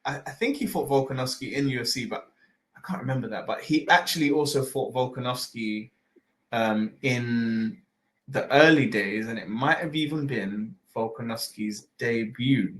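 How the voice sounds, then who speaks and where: A man's voice: medium pitch, normal speed, poor audio. Rambling man hosting a fight podcast. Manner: rambling, full of fillers and restarts, swears casually. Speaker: podcast host. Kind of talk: casual fight-talk podcast chat.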